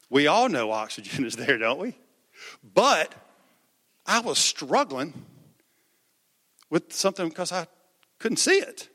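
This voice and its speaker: In an echoey hall, a male pastor preaches with a high, sharp-toned voice. His sermon feels conversational as he asks the congregation questions and repeats words along the way.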